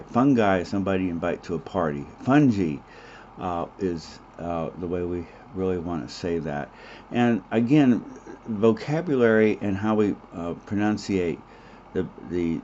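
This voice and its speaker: A man's voice: low voice, darkish tone. A man teaching a recorded biology lecture, talking loosely with filler words and joking asides. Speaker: biology instructor. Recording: dull muffled audio with faint hiss.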